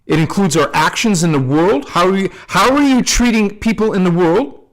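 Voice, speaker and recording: A man hosting a spiritual channel, talking loosely to his viewers and closing with soft blessings and affirmations. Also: high voice, lively intonation, normal speed. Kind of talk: casual spiritual talk to camera.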